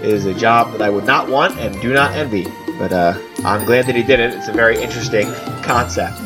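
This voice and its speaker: A man's voice: fairly low pitch, fairly quick, over music. A man hosting a podcast in casual, joking chat. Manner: joking, chatty, with restarts. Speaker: podcast host.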